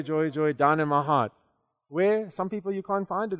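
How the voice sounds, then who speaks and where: A man with a high voice preaches, his words ringing in a hall with a long reverb. He talks in a loose, conversational way, stumbling over repeated words, then rises to forceful declarations. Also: normal speed, dull audio. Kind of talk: sermon.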